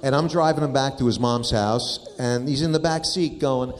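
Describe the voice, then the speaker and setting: A man's voice: mid-range voice, moderate pace, hardly any pauses. A man doing stand-up, telling a family story in a wry, exasperated way. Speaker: stand-up comedian. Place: comedy club stage. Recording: live stage recording with reverb and background noise.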